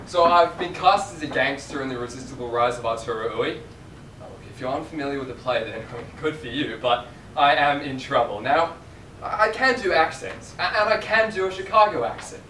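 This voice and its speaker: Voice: mid-range voice, animated, brisk, fairly bright tone, a little hiss or hum, lightly acted. A stage performer playing a nervous student actor in a gangster role, talking in an anxious, rambling, self-deprecating way, taped from far off. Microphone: far camera in audience. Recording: echoey theatre taped from far off.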